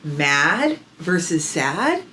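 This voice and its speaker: A woman in her thirties co-hosts a casual parenting podcast. Her fairly low voice swoops up and down as she acts out stories and laughs along, over a faint hiss. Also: very slow. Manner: animated, laughs easily, acts out her daughter. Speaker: podcast co-host. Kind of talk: casual chat. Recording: faint background noise.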